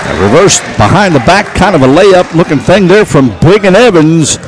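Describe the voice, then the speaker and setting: A man calling local basketball play-by-play, getting excited and shouting on big plays. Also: on the high side, moderate pace, few pauses, crowd noise, background noise. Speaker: play-by-play announcer.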